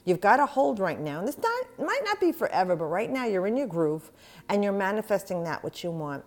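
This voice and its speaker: A woman's voice: mid-range voice, big pitch swings, brisk. A middle-aged woman giving a tarot reading, talking straight to the viewer in an encouraging way. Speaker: tarot reader.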